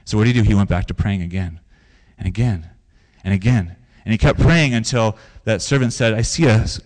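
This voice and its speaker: Man, pastor, preaching sermon, low voice, conversational, repeats phrases. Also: darkish tone. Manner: conversational preaching with stories and repetition.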